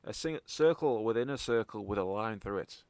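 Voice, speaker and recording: A man's voice: fairly low pitch, lively intonation, normal speed, a little mellow, clear, resonant tone, no room sound. A man voicing a male local contact with a put-on Scottish accent, folksy and full of "aye". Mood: conspiratorial. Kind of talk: in-character voice in a tabletop game.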